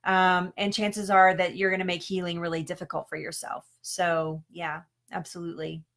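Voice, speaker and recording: A woman's voice: fairly low pitch, little pitch movement, normal speed, a bit bright. A woman health coach chatting casually on a live stream, answering questions with lots of ums and restarts and frequent laughs.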